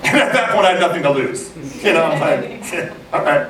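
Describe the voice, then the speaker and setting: A man with a high voice preaches to his congregation, spinning a lively story and acting out each line. He sounds distant, in a roomy, echoing hall. Listeners answer him from the crowd. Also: fairly quick. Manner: storytelling, lively, acts out quotes, laughs often. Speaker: pastor. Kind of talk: sermon. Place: large church hall with congregation. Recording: echoey hall, recorded from afar, congregation audible.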